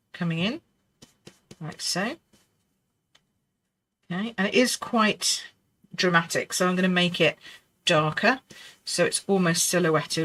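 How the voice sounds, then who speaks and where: A middle-aged woman leads a live card-making lesson with a bright, clear voice. She chats warmly to her viewers, reassures beginners and laughs often, muttering to herself mid-task. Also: fairly low pitch. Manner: chatty, reassuring, laughs often, talks to herself while working. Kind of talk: live crafting demonstration.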